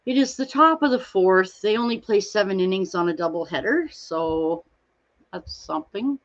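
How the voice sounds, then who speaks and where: Woman host, unhurried rambling chat with viewers, dull lo-fi sound. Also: medium pitch. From Canada. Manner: chatty, rambling, reads out and greets viewers by name. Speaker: livestream host.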